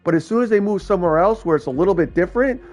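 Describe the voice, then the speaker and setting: A man's voice: high-pitched, animated, rapid-fire, darkish tone. A man from New York chatting casually, rambling through profane stories. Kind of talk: casual chat.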